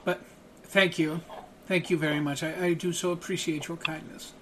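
A man voicing a fussy, courtly gentleman who speaks in a flowery, mannered way. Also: a little high, level tone, normal speed, noisy background, natural voice. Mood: wistful. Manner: flowery, mannered, soft-spoken. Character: fussy, courtly man of vague European accent.

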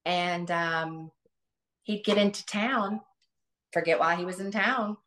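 A woman's voice: fairly low pitch, steady tone, slow pace, fairly bright tone. Earnest middle-aged woman recalling memories. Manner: earnest, reflective, many restarts. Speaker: guest. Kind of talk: interview, personal recollection.

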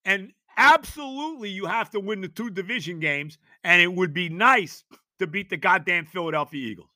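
A man's voice: sits high, animated, normal speed, bright, forceful tone, no room sound. An older man, hosting a solo sports podcast and ranting emphatically, with rhetorical questions and cursing. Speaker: podcast host.

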